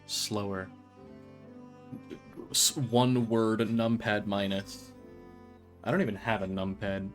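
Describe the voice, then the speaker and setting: A man streaming a video game, chatting casually in a rambling, joking way, stumbling over his words and breaking into loud excited bursts. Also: lowish voice, takes it slowly, pauses often, faint music behind.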